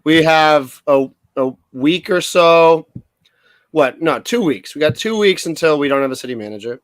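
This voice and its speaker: A man's voice: a little high, animated, normal speed, no room sound. A man co-hosting a casual talk show about local politics, rambling and trailing off mid-sentence. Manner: rambling, trails off, eats while talking. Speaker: podcast co-host.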